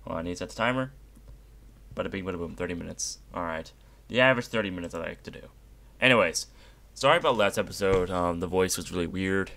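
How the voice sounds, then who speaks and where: A man's voice: deep voice, fast, fairly bright tone. A man hosting a casual let's play, rambling, joking and playfully crude as he plays. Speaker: gaming channel host.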